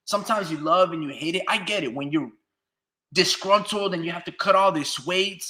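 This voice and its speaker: A man's voice: sits high, moderate pace, bright, forceful tone. A man giving blunt, profane, ranting solo commentary on a channel he hosts. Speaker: boxing commentator.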